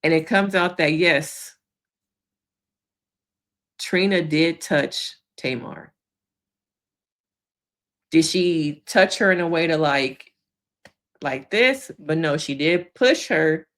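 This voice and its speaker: A woman therapist giving a casual, animated recap of a reality show episode, acting out quotes and laughing along the way. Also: sits low.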